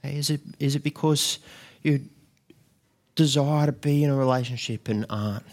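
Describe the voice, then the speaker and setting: A man's voice: medium pitch, normal speed. A man preaching a sermon in an earnest way, often restarting and repeating words as he goes.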